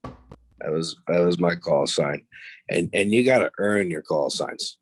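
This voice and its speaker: A man's voice: low-pitched, a little slow. A man as a podcast guest, telling stories in a blunt, profane, boastful way. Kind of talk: casual storytelling interview.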